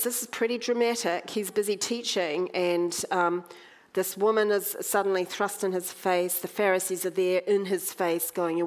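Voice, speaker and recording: A woman preaching a sermon, conversational and animated, with wry humour as she tells the story. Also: lowish voice, a little slow.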